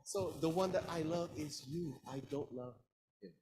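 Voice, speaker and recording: A young man leading a university session on communication, playfully demonstrating how stress and pauses change meaning. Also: a little high, crowd noise, poor audio. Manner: playful, demonstrative, shifts stress and volume to show emphasis. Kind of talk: lively public speaking demonstration.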